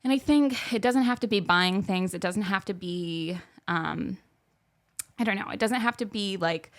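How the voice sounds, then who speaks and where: Hey, young woman on a chatty podcast, lots of likes and laughs, middle pitch. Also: normal speed. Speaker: podcast co-host. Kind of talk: casual chat.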